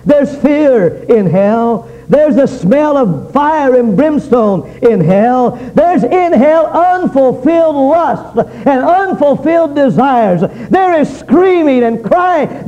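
A man preaching a fiery revival sermon, swinging between loud pleading and low, intense warnings. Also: highs cut off.

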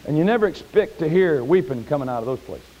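A man preaching a sermon in a church, folksy and plain-spoken, climbing to high shouted peaks. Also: lively intonation, fast talker, lo-fi sound. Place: church sanctuary.

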